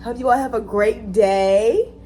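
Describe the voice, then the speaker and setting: Woman vlogger, animated motivational talk, repeats lines for emphasis, faint hum behind. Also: on the high side, measured pace. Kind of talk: casual motivational talk to camera.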